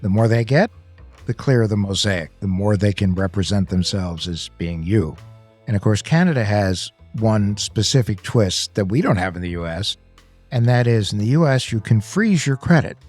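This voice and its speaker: A man co-hosting a podcast, explaining things in a measured way with some dry humor. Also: on the low side, animated, darkish tone, faint music behind. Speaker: podcast co-host. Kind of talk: casual podcast chat.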